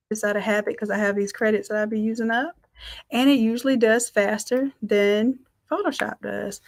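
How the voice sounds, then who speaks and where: A woman teaching a live design class, talking in an upbeat, chatty way and thinking aloud as she works. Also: medium pitch. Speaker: design instructor. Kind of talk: live software tutorial.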